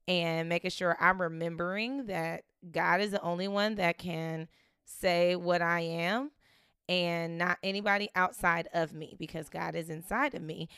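A woman talks in a relaxed, chatty way, often laughing and acting out what she says to her kids. Her voice is smooth and a little low. The recording is close and dry. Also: no room sound. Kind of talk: casual motivational talk.

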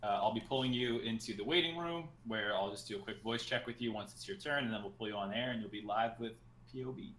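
A man producing a live stream, with a bright tone and a lowish pitch. He explains slowly and plainly how to call in. His voice carries a roomy echo. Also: a little hiss or hum. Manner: slow, explanatory, dry teasing. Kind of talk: giving caller instructions.

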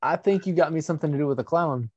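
A man's voice: a little high, fast, darkish tone. A man in casual chat, cracking crude, offbeat jokes. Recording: dry, dull lo-fi recording.

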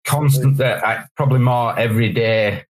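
A man's voice: mid-range voice, moderate pace, a little hiss or hum, rough recording. A man in his forties from West Yorkshire with a Yorkshire accent, chatting candidly as a podcast guest and rambling with repeated words. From West Yorkshire, England. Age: 40s. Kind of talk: casual chat.

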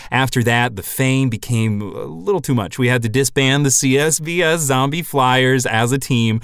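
A man hosting a comedy podcast, delivering a scripted monologue deadpan with sudden loud, mock-indignant bursts. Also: medium pitch, moderate pace, clean tone, no room sound, studio quality.

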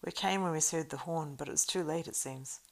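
A calm elf archer speaks in earnest, formal phrases, as a woman reading a storybook gives him voice. The tone is low with a gravelly edge. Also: brisk.

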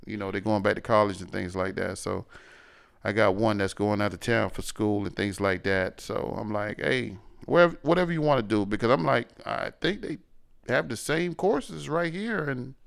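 Animated man telling stories. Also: on the low side, normal speed, creaky, clean tone. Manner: animated storyteller, swings between loud and quiet. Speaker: podcast co-host. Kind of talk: casual chat.

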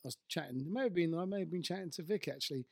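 A man's voice: on the high side, expressive, very fast, gravelly, a little mellow, dry recording. A man from Europe co-hosting a casual chat, telling dry, wry anecdotes. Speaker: podcast co-host.

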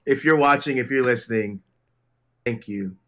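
A man's voice: mid-range voice, normal speed, a bit bright. A man co-hosting a podcast in casual chat, eager and slangy, often repeating himself. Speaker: podcast co-host.

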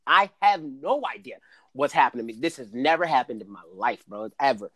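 A man in casual podcast chat, telling a long embarrassing story in a loose, profane way, his voice jumping up high for emphasis. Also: a little fast, slightly rough, no echo. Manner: animated, profane storytelling with big pitch jumps.

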